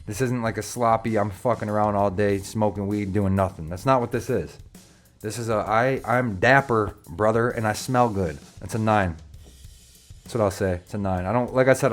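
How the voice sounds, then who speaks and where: A young man, rating drum kits in casual, joking chat, swearing freely and calling listeners brother. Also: lowish voice. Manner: joking, profane, slangy, calls viewers brother.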